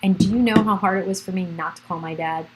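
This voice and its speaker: A woman's voice: fairly low pitch, steady tone, fast talker, noisy background. A middle-aged woman, a realtor hosting a casual livestream from home, chatting in a rambling way and laughing often. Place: at home by a computer.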